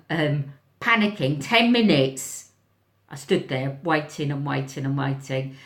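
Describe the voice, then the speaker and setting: A woman's voice: deep voice, slow. Woman telling a story, echoey room. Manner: animated, acts out voices, frequent throat clearing. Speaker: teacher. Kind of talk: casual storytelling to camera.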